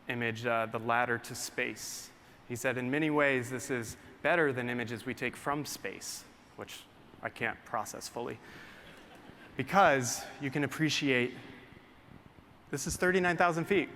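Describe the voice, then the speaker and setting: Guy telling a heartfelt story on stage, bright voice, faint room hum. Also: medium pitch. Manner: emotional, earnest storytelling. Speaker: photographer giving a talk. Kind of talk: live stage talk. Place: stage before a cheering audience.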